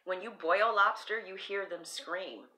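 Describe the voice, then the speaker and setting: A woman's voice: mid-range voice, unhurried, pushed and bright. A woman reading tarot cards in a casual vlog, rambling, blunt and swearing freely. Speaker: tarot reader.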